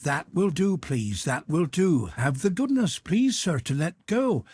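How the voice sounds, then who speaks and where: A man's voice: a little high, big pitch swings, a little slow, a little mellow, slightly rough, dry recording, pitched above the performer's own voice, heavily acted. A man voicing a male servant who pleads politely and anxiously. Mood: pleading.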